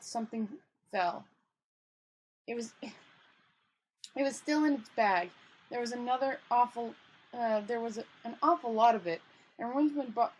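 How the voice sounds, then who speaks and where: Woman storyteller reading a novel aloud, casual, slightly high voice, stumbles and rereads. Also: a little hiss or hum, rough recording.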